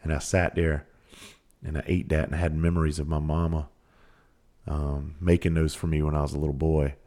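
A man's voice: very deep voice, little pitch movement, fairly quick, warm tone. A middle-aged man with a Southern country accent, a podcast host giving a blunt, profane motivational monologue full of rhetorical questions.

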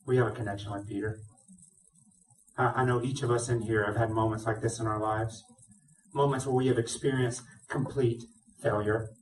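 A male pastor preaching a sermon, retelling a story with lively, acted-out dialogue. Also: mid-range voice, recorded from a distance. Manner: animated storytelling, acts out dialogue. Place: church sanctuary. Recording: roomy sound, speaker away from mic.

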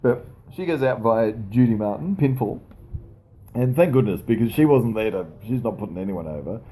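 A man's voice: medium pitch, normal speed. A man co-hosting a casual wrestling podcast chat, jokey and talkative. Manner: chatty, jokey, animated.

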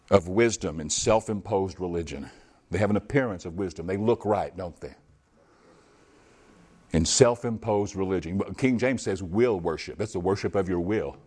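A man preaching a sermon in a church on a microphone, swinging from high, loud passages to low, quiet asides, his voice going hoarse. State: losing his voice. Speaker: pastor. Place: church sanctuary. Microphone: handheld or stage microphone.

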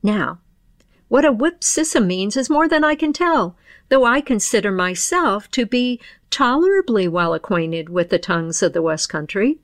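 A woman telling an old folk tale in a measured, old-fashioned manner, then reflecting on its meaning. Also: mid-range voice, no echo. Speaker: storyteller. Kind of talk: storytelling narration, then reflective commentary.

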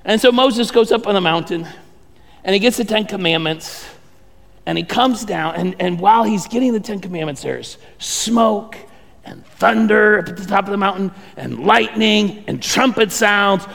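Conversational pastor with a high, gravelly voice. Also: male voice, moderate pace, in a large hall. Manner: conversational, animated storytelling with many restarts. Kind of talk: sermon.

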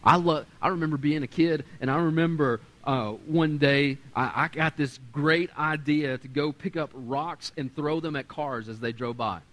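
Animated man in his thirties preaching. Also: a little high, normal speed, few pauses. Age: 30s. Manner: animated preaching, swings from loud to quiet; acts out quoted voices in conversational storytelling. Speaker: pastor. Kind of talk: sermon.

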